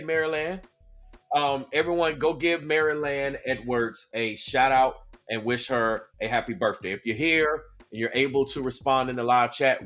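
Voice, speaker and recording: A man with a Southern American accent hosting a livestream, greeting viewers in the chat by name and talking in an animated, repetitive way. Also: medium pitch. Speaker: host. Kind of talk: livestream commentary.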